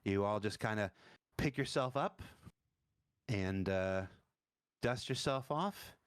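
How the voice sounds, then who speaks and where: A man narrating a tabletop game as dungeon master, halting and searching for words. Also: lowish voice, animated, clean tone, no echo, clean studio sound.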